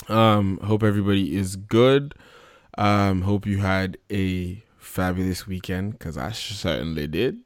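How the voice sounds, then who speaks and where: Low-voiced playful man hosting a podcast. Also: slow pace, a bit bright, dry recording, studio quality. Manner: playful, jokey, rambling with fillers. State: tired. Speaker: podcast host. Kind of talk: casual podcast chat.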